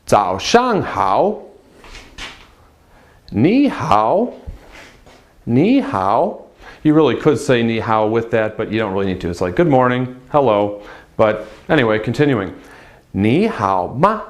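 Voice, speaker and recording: A man teaching a language lesson at a whiteboard, drawing out his model words slowly and explaining in a chatty, off-the-cuff way. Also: medium pitch, very animated. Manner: slow, drawn-out model pronunciations between quick English explanations; spontaneous, chatty. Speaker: Chinese teacher. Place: classroom with a whiteboard.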